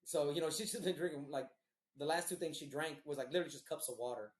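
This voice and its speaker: Guy in his 30s telling a crude story on his podcast, kinda high voice, echoey room. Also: quick pace. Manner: profane, animated storyteller acting out quotes. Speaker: podcast host. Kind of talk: casual storytelling. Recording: roomy echo.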